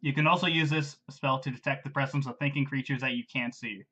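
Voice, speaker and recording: A man's voice: medium pitch, fairly even intonation, quick pace, sharp tone, slightly rough, muffled recording. A man playing a tabletop game over voice chat, reading his spell rules aloud and laughing often. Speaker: player.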